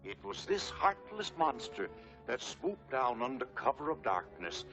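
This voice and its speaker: A man narrating a fairy tale for a film as a genial, lively storyteller. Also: medium pitch, a little slow. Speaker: narrator and ventriloquist. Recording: dull 1940s film soundtrack with music.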